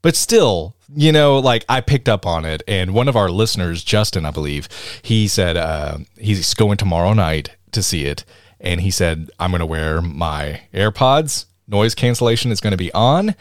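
A man's voice: low-pitched, expressive, moderate pace, dry recording, clean studio sound. A man co-hosting a podcast, talking in an emphatic, ranting casual chat. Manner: emphatic, ranting, jumps between loud and soft. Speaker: podcast co-host.

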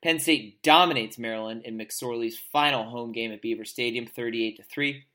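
Male co-host, bright voice, wry and joking while reading recaps. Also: mid-range voice, normal speed. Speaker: podcast co-host. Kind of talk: casual sports podcast chat, reading score recaps.

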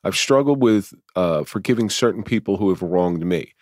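A man's voice: low-pitched, animated, normal speed, darkish tone, no room sound, studio quality. A man hosting a podcast interview, talking reflectively and thinking aloud, a former police officer. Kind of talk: interview conversation.

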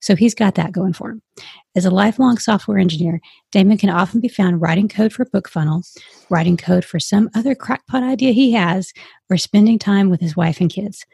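A woman's voice: medium pitch, fairly quick, gravelly, mellow, slightly rough, dry recording. A woman co-hosting a casual interview show, friendly, reading out a guest's intro. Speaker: podcast co-host.

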